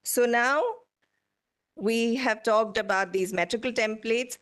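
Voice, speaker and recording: A woman giving a lecture to an audience, explaining slowly and putting questions to the room. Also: a little high, a bit bright.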